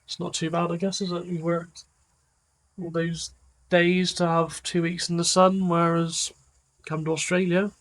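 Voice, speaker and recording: A man talks in a loose, rambling way, full of fillers and trailing thoughts. His voice sits a little higher than most men's. This is casual vlog chat. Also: a little slow, low-quality recording. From England. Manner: rambling, relaxed, lots of fillers. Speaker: vlogger.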